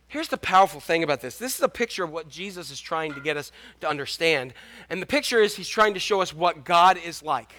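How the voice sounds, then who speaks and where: A man's voice: fairly high pitch, expressive, brisk, pushed and bright. A man in his fifties preaching a sermon in a casual, jokey way, restarting often. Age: 50s. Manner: conversational, jokey, many restarts. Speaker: pastor.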